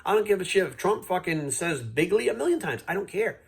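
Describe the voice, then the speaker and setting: A man's voice: high voice, animated, quick pace, gravelly, slightly rough. Heated, profane man ranting to camera. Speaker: fitness coach vlogging. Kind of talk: unscripted rant to camera.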